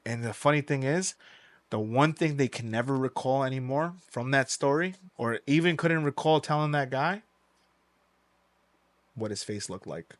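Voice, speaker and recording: A young man spins a story on a podcast, loose and animated, dropping swear words as he goes. His voice sits at an ordinary middle pitch. The recording is close and dry, with no room sound. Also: no room sound. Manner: animated, swears freely, acts out quoted voices. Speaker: podcast host. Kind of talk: casual storytelling.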